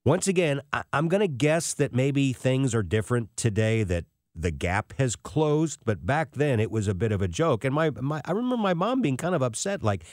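Sixties male commentator, self-deprecating anecdotes, very lively intonation. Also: medium pitch, moderate pace, few pauses, no echo, studio quality. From United States. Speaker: financial commentator. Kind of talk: casual storytelling monologue.

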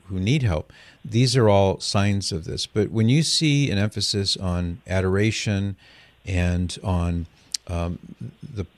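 A man's voice: sits low, no room sound. A man hosting a call-in radio show, explaining things to callers in a reassuring, explanatory way.

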